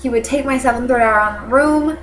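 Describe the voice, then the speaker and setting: A teenage woman vlogger, congested, telling a personal story to camera in a halting, earnest way full of fillers. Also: high voice, over music. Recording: echoey room.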